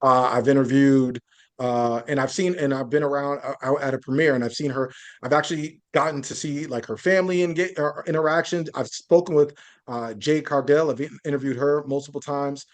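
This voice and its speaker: A man's voice: mid-range voice, fairly even intonation, fairly quick. A man speaking as a journalist guest in a podcast interview, earnest and building his points through lists and frequent restarts.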